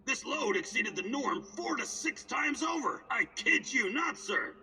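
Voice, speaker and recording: A man's voice: very high-pitched, very animated, measured pace, gravelly, bright, forceful tone, breathy edge, distant mic, full character voice, low-quality recording. An actor playing a crude, boastful male stalker who tells wild stories in a coarse, swaggering way. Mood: storytelling. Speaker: game character.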